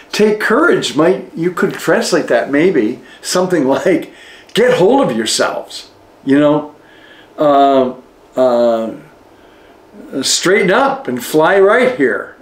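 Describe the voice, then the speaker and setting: A man with a somewhat high voice talks very slowly, reading a spiritual text aloud and stopping to reflect on each passage. His tone is explanatory and unhurried, like a teacher guiding a study group. The sound carries a noticeable room echo. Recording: echoey room.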